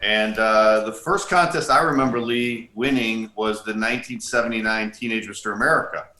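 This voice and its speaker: A middle-aged man co-hosting a podcast, recounting details and dates in a steady, casual way. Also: lowish voice, moderate pace. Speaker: co-host and bodybuilding historian. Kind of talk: casual conversational chat. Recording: echoey room.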